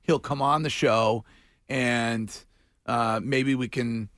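A man's voice: mid-range voice, fairly even intonation, slow pace, fairly bright tone, no room sound, clean studio sound. A man hosting a morning radio show, chatting casually and jokily with lots of restarts. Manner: chatty, jokey, trailing fillers and restarts. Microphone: studio microphone.

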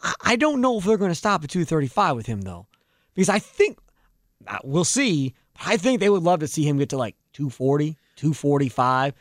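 A man's voice: a little high, fairly quick, no echo, studio quality. A man hosting postgame sports talk radio, breaking down the box score and ranting about roster moves. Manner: animated, heated rants.

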